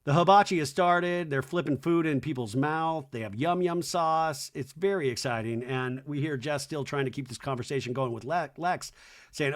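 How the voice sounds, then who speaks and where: A man's voice: fairly high pitch, normal speed. A man hosting a comedy podcast, recapping a reality show in a campy, sarcastic way and acting out the cast's lines. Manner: campy, sarcastic, voices cast members in quotes. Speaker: podcast host.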